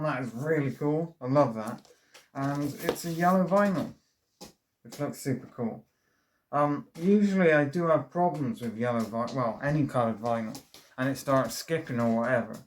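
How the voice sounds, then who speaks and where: A man's voice: mid-range voice, slight background noise. A man reviewing a vinyl record in a casual monologue, enthusiastic and rambling, full of fillers and restarts.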